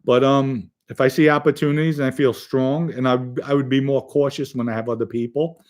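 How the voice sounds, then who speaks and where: A man's voice: medium pitch, steady tone, fairly quick. Blunt, profane man telling stories. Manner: direct address to young listeners. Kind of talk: casual storytelling.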